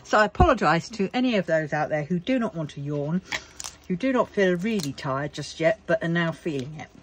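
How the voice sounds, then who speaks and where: A woman's voice: fairly low pitch, animated, a little fast, a little hiss or hum. A tired woman chatting casually as she works on a craft project at home, grumbling and joking to herself. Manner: chatty, self-mocking, grumbling asides. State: tired, yawning. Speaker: crafting vlogger. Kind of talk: casual chat while crafting.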